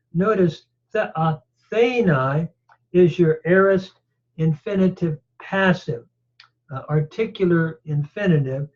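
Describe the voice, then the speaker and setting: A man teaching a Greek grammar lecture on scripture. He goes through the text word by word in a methodical way and often pauses to hesitate. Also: fairly high pitch, warm tone. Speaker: Bible teacher. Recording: dull lo-fi recording.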